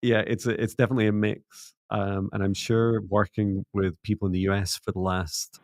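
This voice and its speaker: A middle-aged man hosting a spiritual livestream, talking in a soft, gently meditative way. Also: fairly low pitch, little pitch movement, normal speed, no echo, clean studio sound. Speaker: psychic mentor and livestream host. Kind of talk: casual livestream chat and guided closing.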